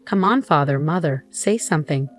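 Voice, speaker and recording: A woman voicing a spoiled young woman who sounds shrill and whiny. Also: expressive, normal speed, soft background music. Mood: pleading. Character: spoiled young woman, rude then pleading.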